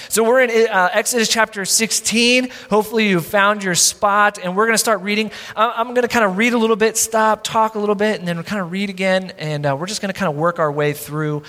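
High-voiced pastor in an echoing church. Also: male voice, a bit bright. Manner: conversational, wry, emphatic rhetorical questions. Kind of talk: sermon. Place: church sanctuary.

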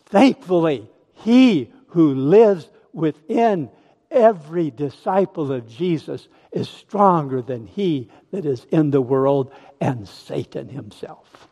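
Male pastor, slow emphatic sermon, higher voice, echoey hall. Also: mellow, muffled recording. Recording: long hall reverb.

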